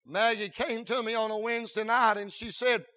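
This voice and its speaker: A man preaching a sermon as pastor, with a shouting, sing-song cadence and many "uh" fillers and stammered restarts. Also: sits high, fairly even intonation, moderate pace.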